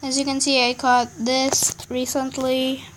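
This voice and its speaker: A woman's voice: high-pitched, monotone, measured pace, a little hiss or hum. A young woman hosting her gaming channel, ranting in annoyance over a game with muttered asides. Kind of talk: casual game commentary.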